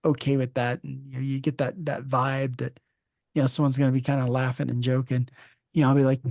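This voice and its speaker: A man hosting a podcast, speaking in a gravelly, warm, mellow tone. He tells easygoing stories and slips in jokes. The sound is close and dry, with no room echo. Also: medium pitch, fairly quick. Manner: relaxed storyteller who jokes. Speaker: podcast host. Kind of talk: casual conversational interview.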